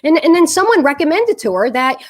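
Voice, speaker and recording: A middle-aged woman and parenting coach tells a story in an advice video, animated and laughing at her own tale. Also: high-pitched, a little fast.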